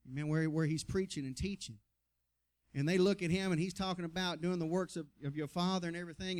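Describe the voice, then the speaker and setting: High-voiced preaching man. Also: a little mellow. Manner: reads scripture aloud and breaks into call-and-response amens; colloquial, folksy asides between readings. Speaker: pastor. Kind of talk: sermon.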